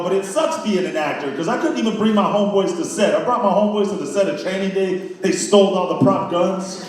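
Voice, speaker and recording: A man hosting a church comedy show, telling loose, slangy stand-up stories and acting out his friends' voices. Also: high-pitched. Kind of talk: stand-up comedy with character bits. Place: church hall with a live audience. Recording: echoey hall, far from the mic, crowd noise. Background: audience laughter.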